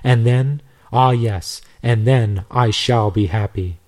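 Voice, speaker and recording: A man's voice: medium pitch, slow pace, darkish tone, natural voice. A man voicing an eager, earnest young male law student while reading a storybook aloud. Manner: earnest, rising enthusiasm.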